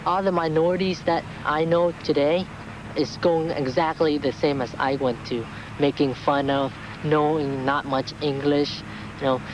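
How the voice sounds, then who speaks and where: An earnest man recounts his experience in a documentary interview, his voice sitting a little high. Clear street noise runs behind him. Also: little pitch movement, measured pace. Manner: earnest, indignant storytelling.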